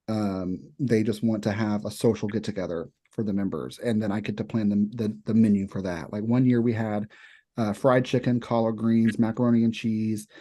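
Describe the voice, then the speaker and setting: This young Kentucky chef co-hosting a podcast has a fairly low, warm voice. He chats casually about cooking, rambling through stories packed with fillers.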